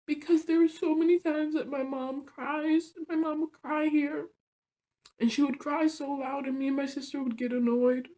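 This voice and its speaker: A woman telling a personal story on her vlog, rambling and confessional, filling her talk with "like" and "you know" and often sinking soft and low. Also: fairly even intonation, normal speed. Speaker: vlogger.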